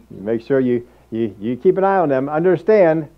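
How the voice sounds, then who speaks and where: A man's voice: medium pitch, dull audio. A man preaching a sermon as pastor, emphatic and repetitive, often acting out inner thoughts.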